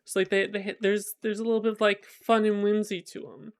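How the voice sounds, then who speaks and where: A man's voice: high-pitched, flat delivery, brisk, gravelly, clean tone. A male streamer casually retelling a folk tale, chatty and rambling with lots of fillers. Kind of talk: casual storytelling while gaming.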